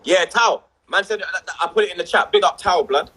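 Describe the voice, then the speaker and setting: A young man, telling a story on a casual livestream with rising excitement and shouts. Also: high-pitched, normal speed, husky, low-quality recording. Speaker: livestream co-host.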